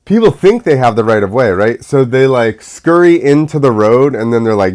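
A man's voice: mid-range voice, lively intonation, fairly quick, hardly any pauses, darkish tone. Sarcastic man ranting on his show. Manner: ranting, goes off on tangents; sarcastic, mocking. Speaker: show host. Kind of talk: casual monologue.

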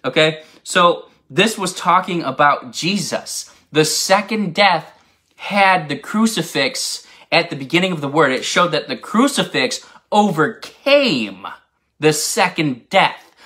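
A man's voice: fairly high pitch, expressive, measured pace, bright, forceful tone. A man giving an informal, enthusiastic bible teaching, rambling into asides and laughing at himself. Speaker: preacher.

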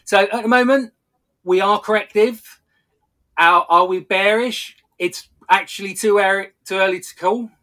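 A man giving technical market analysis on a podcast, explaining in a measured way with occasional stumbles and restarts. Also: sits high, steady tone, sharp tone.

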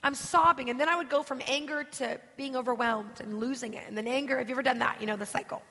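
A woman's voice: high-pitched, fairly even intonation, fast talker, vocal fry, bright, forceful tone, slightly rough. A woman in her thirties from the United States, preaching as a guest and telling a personal story with emotion, often asking the audience questions. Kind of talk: storytelling sermon. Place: church hall. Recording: reverberant church hall.

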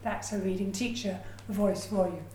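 A woman's voice: medium pitch, normal speed. Chatty woman lecturing in an echoey room. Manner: lively, chatty, with personal asides and acted quotes. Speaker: education researcher giving a talk. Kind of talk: lecture presentation.

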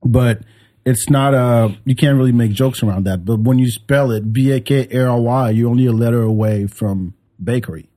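A man's voice: mid-range voice, normal speed, mellow. A man hosting a podcast in casual chat, joking around from a background. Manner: joking, lots of restarts. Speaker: podcast host.

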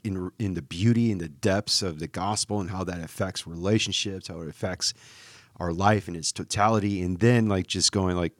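A man in his forties from Wisconsin co-hosts a faith podcast in a low voice. He thinks aloud in a reflective way, with plenty of fillers and restarts. The recording is dry and close, with no echo. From Wisconsin, US Midwest. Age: 40s. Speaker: podcast co-host, pastor. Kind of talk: casual conversation.

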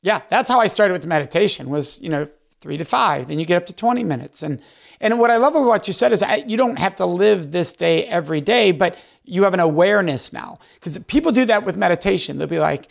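Gravelly, enthusiastic male host. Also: high voice, animated, fast. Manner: enthusiastic, affirming. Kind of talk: conversational interview.

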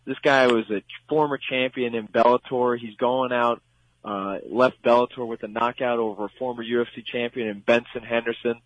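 On a sports radio show, a guest fight analyst with a Long Island accent makes emphatic, opinionated fight predictions and keeps repeating "I believe." His voice sits at medium pitch with a steady tone and moderate pace, with no room sound. The recording has a dull, lo-fi radio quality.

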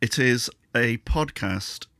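A man's voice: medium pitch, slow, sharp tone, no echo, studio quality. A British man hosting a podcast, chatting casually and trading sarcastic jokes with a friend. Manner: teasing, sarcastic banter with frequent laughs. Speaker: podcast host. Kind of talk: casual chat.

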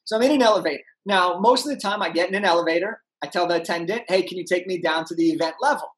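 A young man, a podcast guest, telling an energetic story and acting out the people in it. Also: high-pitched, rapid-fire, poor audio. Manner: animated, acts out voices in his anecdotes.

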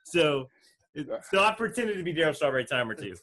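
Lively man co-hosting with animated questions. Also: fairly high pitch, quick pace. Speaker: podcast co-host, preacher. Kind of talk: interview chat.

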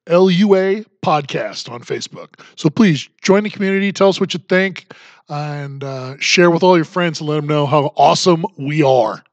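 Animated, high-pitched ranting man. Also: no echo, muffled recording. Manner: sarcastic, ranting. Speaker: podcast host. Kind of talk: solo political commentary podcast.

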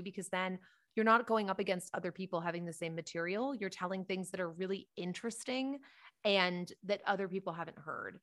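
A woman comedian, a guest on a podcast, telling stories in animated, quick bursts. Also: medium pitch. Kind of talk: casual podcast chat.

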